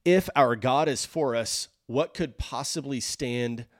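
A man's voice: medium pitch, no room sound, clean studio sound. A man hosting a leadership podcast, giving an earnest, faith-based motivational talk. He speaks emphatically, building through chains of rhetorical questions. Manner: reads scripture aloud in a measured cadence.

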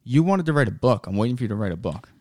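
A man's voice: mid-range voice, big pitch swings, very fast, darkish tone, no room sound, studio quality. A young adult man co-hosting a podcast in casual, rambling chat, often cutting himself off mid-sentence. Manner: rambling, self-interrupting. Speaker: podcast co-host.

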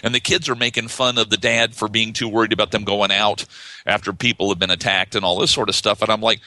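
Middle-aged guy, bright forceful voice, dry close mic, chatty and animated. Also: fairly low pitch, quick pace, dry recording. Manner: animated, acts out movie lines. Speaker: podcast co-host. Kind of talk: casual film discussion.

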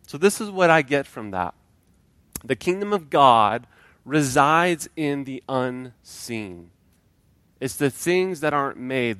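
A man's voice: medium pitch, a bit bright, no echo. A man preaching a sermon as pastor, talking conversationally with rhetorical questions and light humor, and reading scripture aloud.

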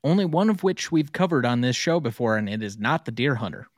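A man hosting a casual movie podcast, briskly running the segments and breaks. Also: medium pitch, animated, no room sound, clean studio sound. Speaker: podcast host.

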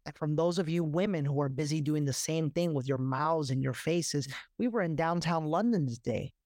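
A man's voice: on the high side, moderate pace, a little mellow, no echo. Brief: male guest, emphatic storyteller, dry close sound. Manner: emphatic, repeats words, frequent "right?" and "you know". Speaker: guest, life coach. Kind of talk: animated personal storytelling.

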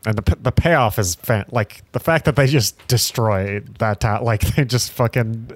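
A man chatting casually about movies, laid-back and quick to laugh. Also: mid-range voice, no room sound.

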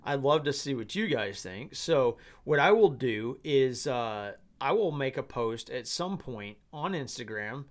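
Animated, laughing podcast host, a man. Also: mid-range voice, a little slow, hardly any pauses. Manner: animated, laughing often, rambling. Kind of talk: solo podcast commentary.

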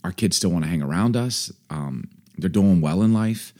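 A man in his forties co-hosting a casual chat, animated and excitable, voice jumping high when worked up. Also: moderate pace. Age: 40s. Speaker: podcast co-host and pastor.

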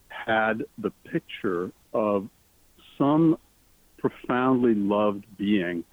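A man, an author being interviewed, talking earnestly and enthusiastically, his pitch leaping up on the words he cares about. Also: no room sound. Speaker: author guest. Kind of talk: interview conversation. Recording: tinny phone line.

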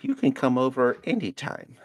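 A man's voice: mid-range voice, big pitch swings, normal speed, voice pushed up. A man voicing a sweet elderly woman fortune teller who calls everyone dear. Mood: sweet, cooing. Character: sweet old lady witch, fortune teller.

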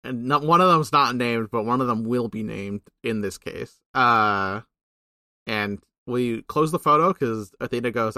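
A young man co-hosting a podcast, recapping a video game in casual, rambling chat with swearing and quick asides. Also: medium pitch, pushed and bright, no room sound, studio quality. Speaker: podcast co-host.

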